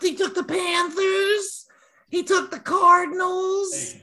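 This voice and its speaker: A man voicing his pet cat in a very high, playful squeal. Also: little pitch movement, slow, pushed and bright, exaggerated voice. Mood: teasing. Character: squeaky pet cat, smug about its picks.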